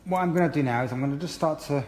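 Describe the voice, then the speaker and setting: A man's voice: fairly high pitch, very fast, darkish tone. A man giving a chatty, encouraging live-streamed haircut tutorial, explaining each step as a hairdressing educator. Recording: roomy echo with long reverb and faint ambience.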